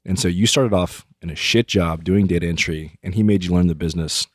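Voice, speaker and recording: A man talking casually as a podcast host, relaxed and slangy in a direct way. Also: sits low, fairly quick, no room sound, clean studio sound. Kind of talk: casual chat.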